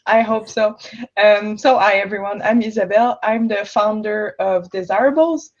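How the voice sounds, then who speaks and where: A woman with a French accent introduces herself on a panel, lively and laughing between remarks. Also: mid-range voice, moderate pace. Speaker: panelist, company founder. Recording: muffled lo-fi audio.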